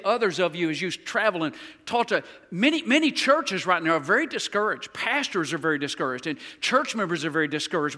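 A guest pastor preaches a sermon in a church sanctuary, leading the congregation in call-and-response. His voice sits high, bright, and forceful, with long hall reverb on the recording.

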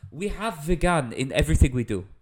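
A man's voice: fairly high pitch, animated, fairly quick. A man voicing an eager female housekeeper who insists on cooking and speaks in broken English. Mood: insistent. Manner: insistent, simple broken phrasing.

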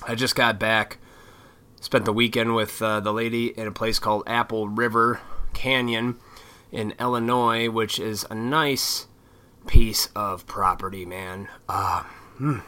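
A man's voice: fairly low pitch, fairly even intonation, measured pace, bright, forceful tone. A young adult man hosting his own vlog, rambling casually with lots of fillers and easy swearing. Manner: laid-back, swears casually, frequent fillers. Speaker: vlog host.

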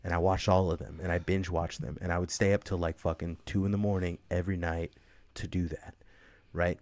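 A man hosting a podcast in casual chat, animated, swearing often and laughing a lot. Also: sits low, fairly quick. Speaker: podcast host.

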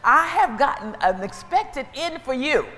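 A woman preaching a sermon in a church, moving from quiet storytelling to shouted, drawn-out calls and repeated refrains. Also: high voice, very animated, in a large hall.

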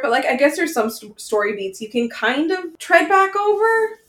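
Brief: woman co-host with a somewhat high voice, relaxed and speculative, recorded in an echoey room. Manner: casual, speculative, quick reactions. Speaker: podcast co-host. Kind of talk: casual chat.

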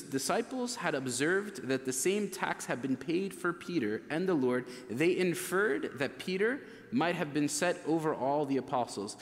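Man, thirties, priest, sermon, animated storyteller, long church reverb. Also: on the high side. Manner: animated storytelling, acts out voices in quotes.

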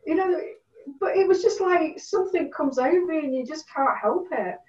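A middle-aged woman telling stories in a casual chat, animated, acting out what people said. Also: high-pitched, normal speed. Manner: animated storyteller, acts out quotes. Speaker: guest. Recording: distant, roomy, dull sound.

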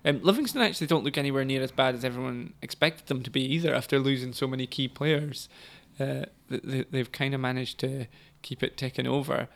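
A man's voice: medium pitch, fairly even intonation, a little fast, creaky, hardly any pauses, a bit bright. A Scottish man co-hosting a casual football podcast, chatty and self-deprecating, laughing often. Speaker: podcast co-host.

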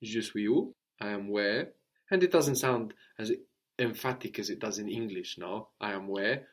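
A man teaching French to a student, explaining slowly and repeating phrases for her to copy. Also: lowish voice. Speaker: language teacher.

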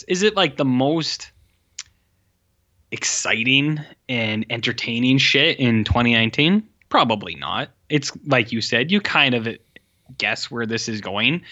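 A man's voice: mid-range voice, lo-fi sound. A man casually reviewing an old film with a co-host, swearing freely and acting out the characters' lines. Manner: animated, profane, acts out characters' lines. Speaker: podcast co-host.

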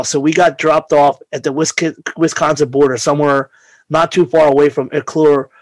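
Animated, profane man telling road stories. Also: fairly high pitch, moderate pace, dry recording. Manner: animated, profane, acts out quoted voices. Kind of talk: casual storytelling chat.

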